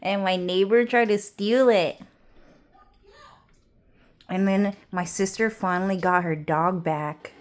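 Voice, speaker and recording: Talking slowly and pausing often, this woman keeps a steady tone at medium pitch while she rants casually to the camera. The vlogger's rambling is profane and full of "like" and "dude."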